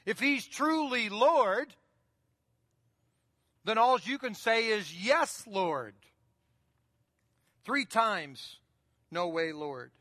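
Bright-voiced pastor preaching in a hall. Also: male voice, very high-pitched, expressive, drawn-out words, pauses often, clean studio sound. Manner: conversational preaching, repeats key phrases. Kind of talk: sermon. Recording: long reverb of a large hall.

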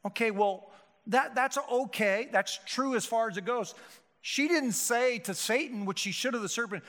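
Bright, high-pitched preaching man in a hall. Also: moderate pace. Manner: emphatic, rhetorical preaching with frequent restarts. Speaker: pastor. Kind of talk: sermon. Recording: hall reverb.

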